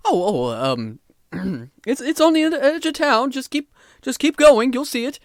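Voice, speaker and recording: A jittery townsman, put on by a game master who stammers over his words. The pitch bounces up and down. It is recorded close and dry. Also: sing-song, measured pace, no room sound, full character voice. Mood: flustered. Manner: flustered, stammering.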